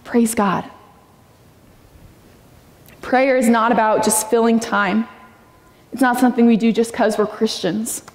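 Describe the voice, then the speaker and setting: A woman's voice: fairly high pitch, steady tone, moderate pace. A young woman preaching a sermon in a church, earnest and personal, sometimes acting out prayers in a raised voice. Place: church sanctuary. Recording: echoey hall with long reverb.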